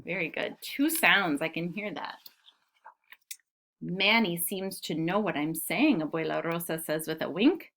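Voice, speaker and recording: Young woman teacher, animated storybook reading for kids, unhurried and sing-song. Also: lowish voice. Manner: expressive, lively, slows to sound out words. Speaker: children's teacher reading aloud. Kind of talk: storybook read-aloud lesson for children.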